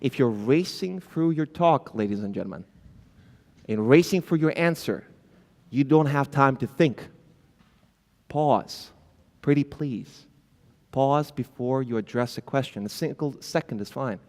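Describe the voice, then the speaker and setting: A man's voice: mid-range voice, lively intonation, moderate pace, a little mellow. A man giving a conference talk, addressing the audience directly and acting out flustered founders stumbling over filler words. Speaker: conference speaker. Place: conference hall. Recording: long hall reverb.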